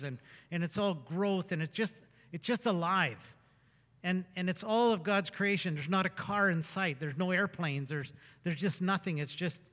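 A man's voice: high voice, pushed and bright. A man telling folksy, rambling stories with self-mockery in a sermon talk to a congregation. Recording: long hall reverb.

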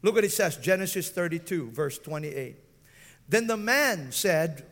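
A man's voice: fairly high pitch, lively intonation, unhurried, a bit bright, in a large hall. A man preaching a sermon as pastor, often calling out questions to his listeners. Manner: preaching with frequent call-outs to the listeners.

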